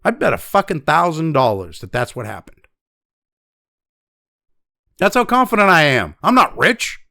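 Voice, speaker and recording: A man delivers furious, profanity-laden commentary on a news story, breaking off to read excerpts aloud. His voice sits fairly high and leaps around a lot. The sound is dry and close. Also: sing-song, normal speed, creaky, pushed and bright, no echo. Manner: angry, heavily profane, blunt; reads news excerpts aloud between rants.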